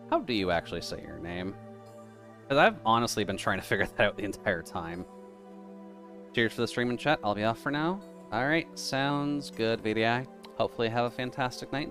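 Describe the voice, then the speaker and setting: A man streaming a game live, reading its dialogue aloud and joking with chat in a casual, profane way. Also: fairly low pitch. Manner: animated, joking, swears casually.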